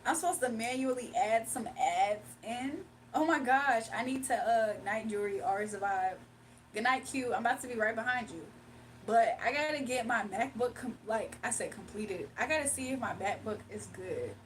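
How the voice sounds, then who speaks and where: A woman's voice: a little high, normal speed. A young woman chatting casually with her viewers on a live stream, laughing often and breaking into bits of song. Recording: slightly distant mic with faint room noise.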